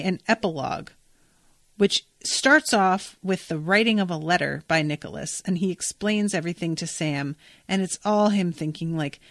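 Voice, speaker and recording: A woman's voice: fairly low pitch, fairly bright tone, dry recording, studio quality. A woman hosting a podcast, recapping a book in a chatty way and swearing freely. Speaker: podcast host.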